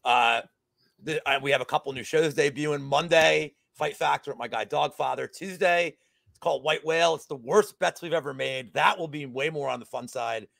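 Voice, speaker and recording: Excitable gravelly-voiced male guest. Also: on the high side, moderate pace, dry recording. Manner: excitable, swears freely. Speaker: guest, sports content creator. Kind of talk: casual chat.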